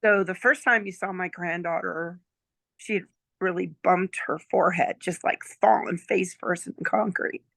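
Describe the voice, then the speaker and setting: Brief: gravelly-voiced woman in her sixties, chatty storyteller, dry close sound. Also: fairly low pitch, normal speed, fairly bright tone, no echo. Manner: chatty, checks in with "okay?" and "right?". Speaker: client giving a testimonial. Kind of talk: casual storytelling chat.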